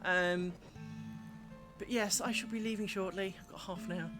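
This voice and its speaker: A woman's voice: medium pitch, fairly even intonation, moderate pace. A woman chatting casually on a live craft stream, rambling through stories and muttering at herself as she works. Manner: mutters and scolds herself while working. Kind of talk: casual live-stream chat while working. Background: music playing.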